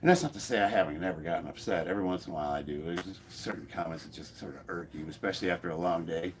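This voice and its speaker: A man's voice: deep voice, rapid-fire, slight background noise. Blunt joking man in his forties. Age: 40s. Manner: blunt, joking, laughs often, swears freely. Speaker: fitness YouTuber. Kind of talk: casual chat while lifting in a garage, reading comments aloud. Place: home garage gym.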